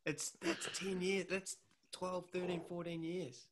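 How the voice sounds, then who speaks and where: A man's voice: sits high, level tone, unhurried, slight background noise. A man hosting a casual comedic chat, talking in a rambling way with plenty of fillers. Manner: rambling, full of fillers and laughter. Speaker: comedian and show host.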